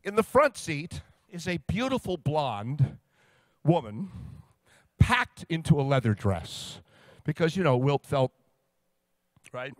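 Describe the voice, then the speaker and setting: A man on stage giving a funny talk about the athletes he has interviewed, with a slightly high, bright voice. He spins each anecdote with lively timing and lands it on a punchline. The sound is close and dry. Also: slow, pauses often, no room sound. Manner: lively storyteller, builds to punchlines. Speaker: sports interviewer telling stories. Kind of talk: comedic speech to a live audience.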